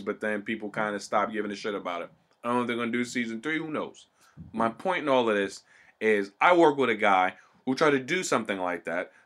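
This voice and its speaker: Bright-voiced, profane New man. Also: medium pitch. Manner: animated, swears constantly, acts out quoted people. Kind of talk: casual profane storytelling.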